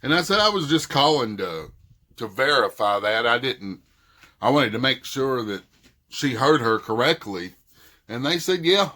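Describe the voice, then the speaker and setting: Slow-talking Southern man telling a story. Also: mid-range voice, big pitch swings, sharp tone. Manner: retells a dispute, quoting both sides. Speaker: vlogger. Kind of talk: casual storytelling.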